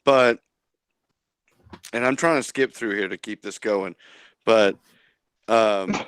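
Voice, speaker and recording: A man's voice: fairly low pitch, slow, fairly bright tone, clear, resonant tone, no room sound. A man hosting a casual podcast, reading an article aloud with dry asides and chuckling at himself. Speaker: podcast host.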